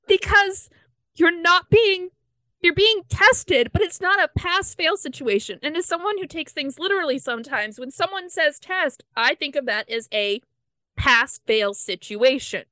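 A woman's voice: very high-pitched, animated, a little slow, bright, forceful tone, no echo. A woman co-hosting a podcast, explaining earnestly in casual chat and quoting conversations. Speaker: podcast co-host.

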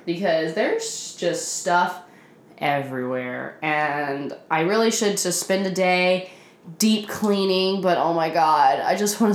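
A woman's voice: mid-range voice, echoey room. A woman in her twenties ranting in a casual, self-deprecating vlog, swearing often and laughing at herself, sounding tired, at home in her apartment. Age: 20s. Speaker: vlogger. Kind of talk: casual confessional rant.

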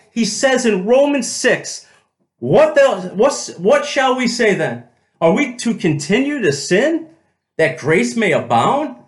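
Emphatic high-voiced preacher in an echoey church. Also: male voice. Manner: emphatic, repeats key phrases and addresses the congregation as "church"; slows right down to stress quoted words. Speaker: pastor. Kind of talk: sermon.

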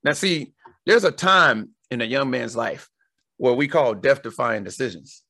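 A man's voice: mid-range voice, measured pace, vocal fry, no room sound, clean studio sound. A man, telling a funny childhood story in casual chat, laughing and acting out voices. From Southern United States. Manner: animated, laughing storyteller who acts out voices.

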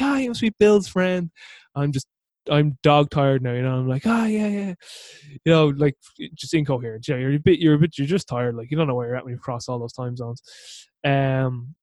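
An Irish man talks on his podcast in a loose, rambling storytelling way, circling back with plenty of fillers and false starts. His voice sits at an everyday middle pitch and the sound is dry and close, with no room around it. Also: a little mellow, no room sound. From Ireland. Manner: rambling, chatty, many fillers and restarts. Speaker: podcast host. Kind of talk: casual storytelling monologue.

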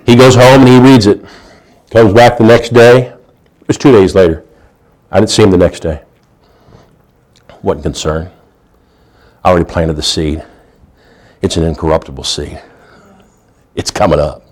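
A deep-voiced male preacher shares his sermon through folksy storytelling, shifting from loud emphasis to soft asides and often restarting sentences. His intonation is fairly even, his speed normal, and he pauses often.

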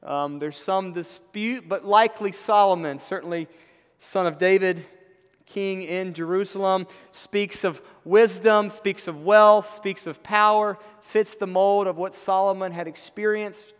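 A man's voice: sits high, steady tone, unhurried, clean tone. Man preaching in an echoing church. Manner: conversational, emphatic, wry asides. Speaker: pastor. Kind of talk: sermon. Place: church sanctuary. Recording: long hall reverb.

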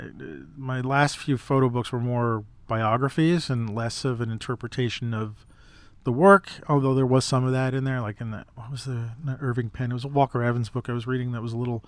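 A man's voice: medium pitch, fairly quick, no echo. Rambling man musing on photo books. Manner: musing, rambling with many restarts. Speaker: podcast host. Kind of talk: casual conversation about photo books.

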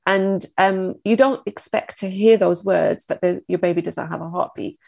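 A woman in her thirties, a podcast guest, recounting a painful personal story in a halting, emotional, reflective way. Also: on the low side, fairly even intonation, creaky, darkish tone, dry recording.

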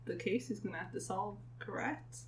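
Chatting casually as a podcast co-host, this woman teases playfully and giggles a lot. Her medium-pitched voice moves at a moderate pace, with slight background noise in the recording.

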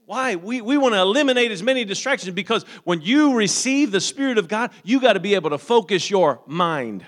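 Man, pastor, sermon, slightly high voice, emphatic surges, calm teaching, fillers. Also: a little fast. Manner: rises to loud emphatic preaching, then calm practical teaching; frequent fillers and repeated words.

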